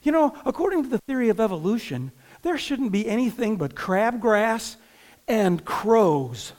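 A man with a high voice preaches a sermon in a chatty, informal way, with restarts and asides to his listeners. He is from northern Indiana and pastors his congregation. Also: sing-song, normal speed, a little mellow.

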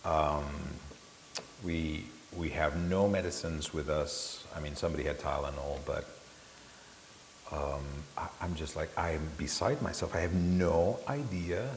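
A man telling an animated, self-mocking story about a grueling trek to an audience. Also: extremely low pitch, measured pace. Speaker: storyteller recalling a trip. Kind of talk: spoken anecdote to an audience. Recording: echoey hall, faint hiss.

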